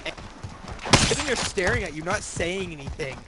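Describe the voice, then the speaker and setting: A young man with a somewhat high voice teases his friends while retelling a shared memory. The conversation is casual and joking, and loud background noise runs under his voice. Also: lively intonation, normal speed. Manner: teasing, chiming in with jokes. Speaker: podcast co-host. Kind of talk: casual storytelling among friends.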